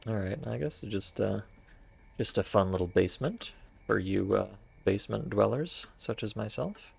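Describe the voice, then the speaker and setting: A male streamer with a gravelly, husky voice and a fairly low pitch. He talks casually to his chat while exploring, with a wry, playful edge. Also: moderate pace. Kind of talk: casual gameplay commentary.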